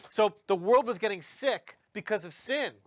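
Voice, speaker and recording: A man telling a Bible story to children in a playful, animated way, sometimes stumbling over his words. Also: high-pitched, moderate pace, no echo. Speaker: uncle storyteller for kids.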